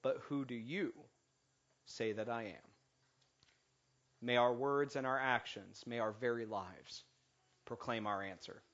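Brief: male pastor, bright forceful voice, joking then earnest sermon, dull lo-fi recording. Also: medium pitch, measured pace, pauses often. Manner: jokey and animated, then calm and earnest. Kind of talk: lighthearted sermon. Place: church sanctuary. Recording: muffled lo-fi sound.

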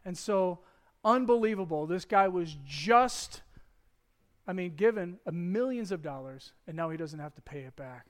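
A man giving a conversational sermon as pastor, retelling a Bible story in a casual, joking, animated way. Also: high voice, moderate pace.

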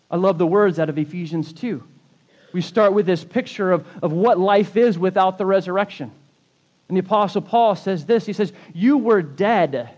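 A man delivers a sermon in a church, his fairly high voice full of fervor. He presses his points with swelling emphasis, then drops low for the quieter lines. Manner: impassioned preaching, rising and falling emphasis. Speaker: pastor. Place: church sanctuary.

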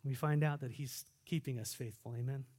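A pastor preaching a sermon, swinging between loud fervent exhortation and quiet reflective asides. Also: male voice, mid-range voice, steady tone, a little fast. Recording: long reverb of a large hall.

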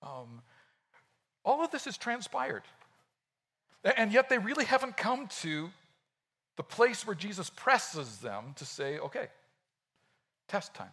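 A man preaching a sermon in a conversational, animated way, often acting out quotes. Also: high-pitched, unhurried, pauses often, slightly rough. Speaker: pastor.

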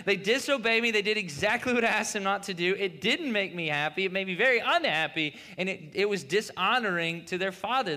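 A man preaches with a high, bright voice that rings out through a hall with a long echo. His delivery is loose and conversational, and he keeps drifting into stories and asides. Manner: conversational, storytelling with many asides. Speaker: pastor. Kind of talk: sermon.

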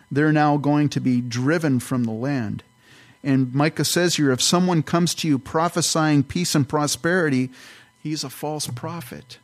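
A man, a pastor, teaching through a Bible passage verse by verse in a conversational, explanatory way. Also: fairly high pitch.

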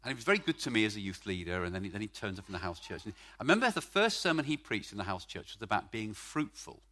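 Animated preacher. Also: male voice, fairly low pitch, fast. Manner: emphatic, stretches key words, swings from loud to quiet. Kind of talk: sermon. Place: church service.

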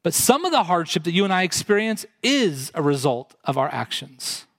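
Earnest man preaching, fairly high voice. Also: big pitch swings, moderate pace, no echo. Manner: earnest, asks the congregation direct questions. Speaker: pastor. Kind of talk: sermon.

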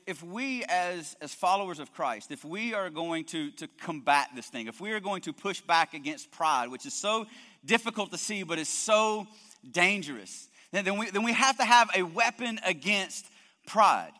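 A man's voice: sits high, lively intonation, normal speed, pushed and bright. A male pastor preaching a sermon with emphasis, often repeating words as he builds his points. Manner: emphatic preaching with frequent word repetitions. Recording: long hall reverb.

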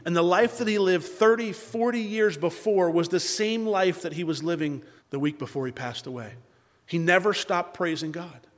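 A man preaching a sermon at a Bible study, earnest, with dramatic pauses and restarts. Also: high-pitched. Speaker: pastor leading a Bible study. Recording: long hall reverb.

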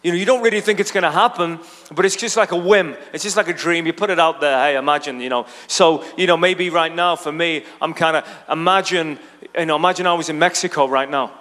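Guy preaching, chatty storytelling vibe, kinda high voice, big echoey church hall. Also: fairly quick, bright, forceful tone. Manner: conversational storytelling with frequent asides. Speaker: pastor. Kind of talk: sermon. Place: church auditorium. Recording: long reverb of a large hall.

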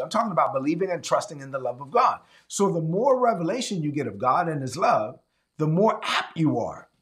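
A man preaching a sermon, emphatic, repeating key lines slowly and acting out quick little dialogues. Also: a little high, fairly bright tone. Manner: acts out quick back-and-forth dialogues.

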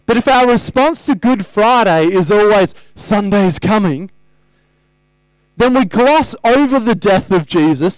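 A man's voice: high voice, clear, resonant tone, no echo, low-quality recording. A man preaching a sermon, conversational, asking his listeners rhetorical questions.

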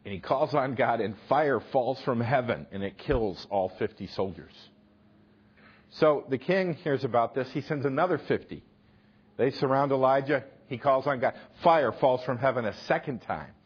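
A man preaching a sermon, retelling the story with animated, emphatic bursts. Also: mid-range voice, normal speed, breathy edge, dull audio. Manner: animated, emphatic retelling with sudden loud punches.

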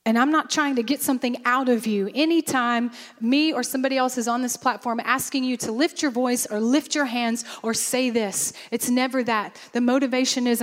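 A woman pastor preaching a sermon, animated and lively, acting out bursts of praise as she goes. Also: high-pitched, brisk, big-room sound.

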